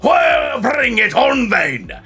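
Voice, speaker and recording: A man voicing a big, brash male cartoon warrior with a Scottish accent, loud and boisterous. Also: very high-pitched, wildly swooping pitch, very slow, faint music behind, voice pushed up, exaggerated voice.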